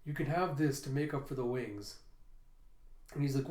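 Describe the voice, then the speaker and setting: A man's voice: fairly high pitch, expressive, moderate pace, pauses often, a little mellow, echoey room. A man casually reviewing a manga chapter, reading out the characters' lines in his own voice and often breaking into laughter. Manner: retells the story, breaking into laughter. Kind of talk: casual reaction recap reading lines aloud.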